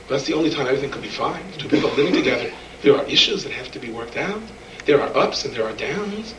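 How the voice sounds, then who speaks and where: A man preaches a sermon built on stories, animatedly acting out the voices of the people he quotes. His medium-pitched voice moves fast. He stands away from the mic in an echoey room, and there's a little hiss or hum.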